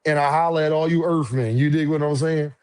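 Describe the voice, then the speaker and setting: A man's voice: on the high side, steady tone, a little fast, darkish tone, clear, resonant tone, no room sound. A man hosting a boxing livestream, talking in loose, profane, repetitive slang. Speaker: boxing commentary streamer. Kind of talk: casual livestream chat.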